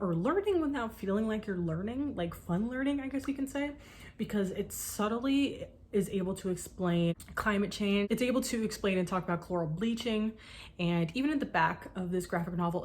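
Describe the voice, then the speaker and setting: A young woman talking casually to camera about books she loves, gushing and animated, with the odd swear word. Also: on the low side, slight background noise. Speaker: book vlogger. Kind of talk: casual chat.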